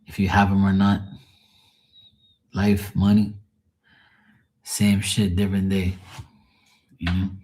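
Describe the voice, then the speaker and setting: Middle-aged guy on a tarot livestream, really low voice, cussing through blunt stories, says hi to viewers by name. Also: completely flat delivery, slow pace, long pauses, darkish tone. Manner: blunt, swearing storyteller. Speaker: live tarot stream host. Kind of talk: casual livestream chat.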